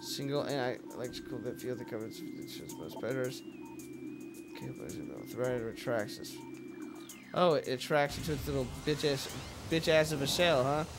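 A man's voice: medium pitch, moderate pace, music in the background. A young man hosting a let's play, commentating with jokes, swearing and sudden yelps at the game. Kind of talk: gameplay commentary.

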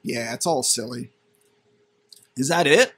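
A man's voice: medium pitch, measured pace, a bit bright, husky. A man hosting a crypto channel, reading a news item aloud and ranting at it with sarcastic, indignant commentary.

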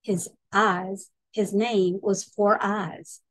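Female librarian, storybook narration, unhurried, dry close mic. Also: mid-range voice, little pitch movement, no echo. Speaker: children's librarian. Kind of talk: picture book read-aloud narration.

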